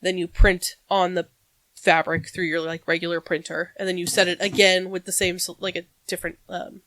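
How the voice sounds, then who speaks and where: A woman co-hosting a podcast in casual chat, talking in a rambling way with frequent pauses. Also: fairly low pitch, flat delivery, fairly bright tone, dry recording. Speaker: podcast co-host.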